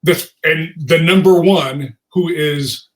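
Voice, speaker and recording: Fairly high-voiced male co-host who asks long, conversational questions. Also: slow pace. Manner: conversational, rambling questions with restarts. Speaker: podcast co-host, former pro basketball player. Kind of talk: interview chat.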